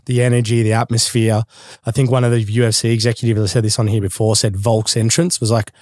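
A man's voice: medium pitch, level tone, quick pace, darkish tone, no echo, studio quality. A man hosting a podcast, chatting eagerly with his guest and leaning on "like". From Australia. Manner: chatty, eager, uses "like" a lot. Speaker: podcast host. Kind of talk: casual interview chat.

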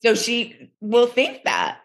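A woman's voice: fairly high pitch, huge pitch swings, takes it slowly. Laid-back woman chatting on a podcast. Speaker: podcast co-host. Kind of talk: casual chat, recapping a reality show.

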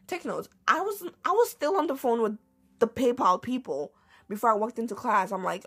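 A woman's voice: fairly high pitch, expressive, fairly quick, a bit bright, slightly rough. A young woman hosting a podcast, telling a casual storytime rant with slang and swearing. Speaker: podcast host.

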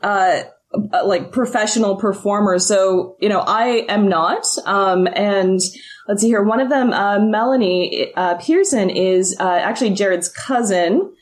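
A woman's voice: mid-range voice, measured pace. Chatty woman, laughing between thoughts. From Australia. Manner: chatty, laughing often, many ums and uhs. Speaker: guest, writer of a comedy nursery rhyme project. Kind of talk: casual interview chat.

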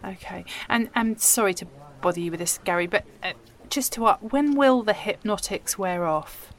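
A woman doing a talent agency assistant who stays deadpan and unbothered no matter who is shouting at her, with an ordinary mid-height voice. she giggles easily and answers everything in a plain, unhurried way, a comedy sketch straight woman. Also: medium pitch, lightly acted.

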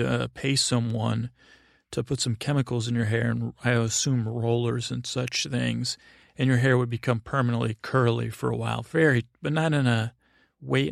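A man's voice: mid-range voice, vocal fry, no echo, studio quality. A middle-aged man hosting a podcast, telling a meandering bedtime story full of fillers and restarts. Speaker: podcast host.

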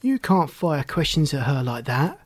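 A storybook reader voicing Charlie, a sensible, protective big brother who speaks calmly. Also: medium pitch, unhurried, dry recording.

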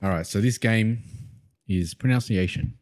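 Aussie bloke hosting a game on a podcast, low voice, relaxed and laughing along. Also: male voice, measured pace. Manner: easygoing, spells words out, laughs along. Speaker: podcast co-host running a game. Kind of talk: casual chat among friends.

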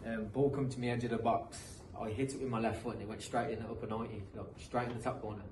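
Speaking fast and flatly at medium pitch, an earnest English footballer appears as a guest in a casual storytelling interview. He is motivational and keeps restarting his sentences. The mic is distant, the room echoes, and there's faint noise.

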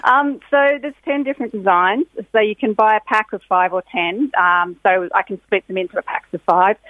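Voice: mid-range voice, normal speed, no echo. This is a middle-aged speaker, chatting cheerfully as an interview guest. The voice sits in an ordinary middle range. It comes over a tinny phone line, dry and narrow. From Australia. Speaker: guest, graphic designer.

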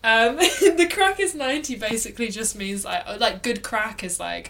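A woman's voice: a little high, normal speed, fairly bright tone, a little hiss or hum. A woman co-hosting a podcast in casual chat, chatty and laughing often, with plenty of ums. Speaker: podcast co-host.

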